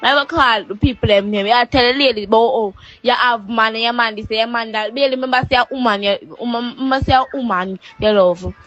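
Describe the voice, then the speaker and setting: A Jamaican woman delivers a heated, scolding rant full of insults. Her voice is a little high. It comes through as a dull, lo-fi voice-note recording. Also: fairly quick, hardly any pauses, a bit bright, no room sound. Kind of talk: ranting voice note.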